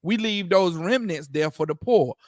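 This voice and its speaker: High voiced guy preaching casual, keeps asking "you understand?", dry close sound. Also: animated, normal speed, no room sound. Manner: repeats "you understand?", stammers on restarts, laughs often. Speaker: teacher leading a religious discussion. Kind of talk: preaching-style casual talk.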